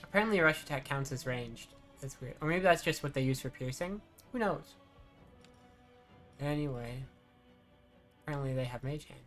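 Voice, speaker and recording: A streamer giving relaxed, chatty commentary while playing, muttering asides. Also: mid-range voice, normal speed, pauses often, faint music behind. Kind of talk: casual gameplay commentary.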